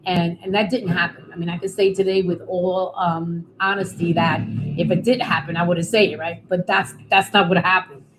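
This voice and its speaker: A woman's voice: on the low side, little pitch movement, low-quality recording. Candid middle-aged woman, music behind. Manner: candid, halting, with many restarts. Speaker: guest. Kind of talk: personal testimony in conversation.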